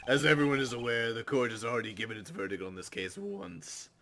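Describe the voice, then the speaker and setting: A man's voice: medium pitch, expressive, brisk, creaky, noisy background. A man doing a fussy old judge. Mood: formal. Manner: hesitant, formal. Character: elderly male judge, fussy and timid.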